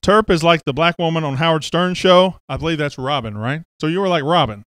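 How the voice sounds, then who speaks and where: Teasing man host with a smooth voice. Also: fairly high pitch, a little fast, fairly bright tone, no room sound. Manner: joking, teasing, rambling. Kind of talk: casual show chat. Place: studio office.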